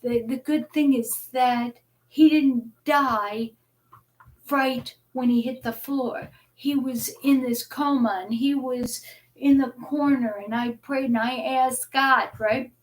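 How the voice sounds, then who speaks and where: A middle-aged woman with a high voice speaks slowly into a webcam at home. She talks earnestly, stumbling and restarting often, as she hosts a live chat. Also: steady tone, poor audio. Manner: halting, many restarts, earnest and devout. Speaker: host of a live chat show. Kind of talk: emotional live-stream chat.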